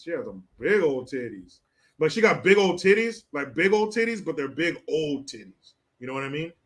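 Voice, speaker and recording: A man's voice: high-pitched, pushed and bright. A man hosting casual commentary, crude and mocking, laughing often. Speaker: streamer host.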